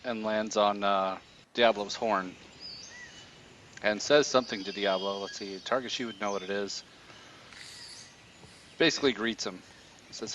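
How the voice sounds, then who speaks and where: A man running a tabletop game as dungeon master, narrating the scene in a relaxed, descriptive way. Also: on the low side, unhurried, long pauses, highs cut off, slight background noise. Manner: descriptive, relaxed storytelling with fillers.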